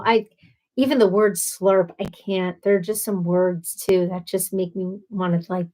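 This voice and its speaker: A woman in her thirties hosts a casual live stream, ranting with animated exasperation and acting out the voices of people she quotes. Her pitch is medium.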